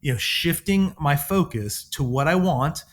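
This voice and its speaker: Middle-aged male counselor, podcast co-host, slightly high voice, animated storyteller who acts out his quotes. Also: unhurried. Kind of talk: conversational storytelling.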